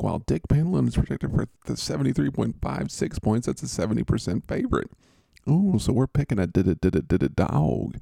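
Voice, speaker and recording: Male host, low dark gravelly voice, jokey and rambling, dry sound. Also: dry recording. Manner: joking, rambling, teasing. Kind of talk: casual chat.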